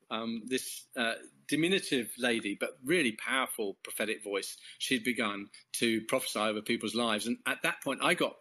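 Bright-voiced Englishman telling a rambling story. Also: medium pitch, rough recording. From England. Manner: rambling, self-correcting storyteller who chuckles often. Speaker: course leader. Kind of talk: interview guest, testimony.

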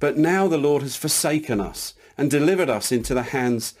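This is a frightened, doubting young farmer who is sure he is the least of his clan. A man performs him, lifting his pitch high and letting it climb in plaintive, pleading lines. His voice sounds strained and small. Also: lively intonation, normal speed, lightly acted. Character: anxious doubting young farmer, timid and self-pitying.

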